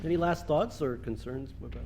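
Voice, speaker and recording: A man's voice: fairly high pitch, fairly quick, gravelly, noisy background. A man from Russia, an author talking onstage at a reading and taking audience questions, self-mocking and joking. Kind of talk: onstage conversation and Q&A. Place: stage in an event hall.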